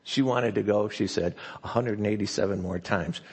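A man's voice: on the low side, moderate pace, darkish tone, slightly rough. An older man preaching a sermon as the pastor, telling a family story with many fillers and restarts. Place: church sanctuary. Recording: long church hall reverb.

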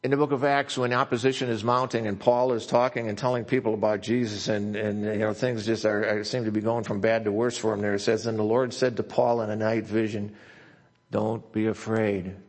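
A pastor preaching a sermon, slowing down and softening as he reads scripture quotes. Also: on the low side, flat delivery. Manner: reads scripture quotes slowly and softly, asks if he talks too fast.

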